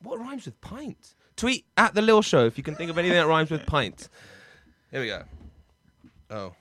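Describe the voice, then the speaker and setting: A man hosting an improv rap game, rambling and chatty with sudden hype shouts. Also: fairly high pitch, very animated, moderate pace, no room sound. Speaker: improv show host.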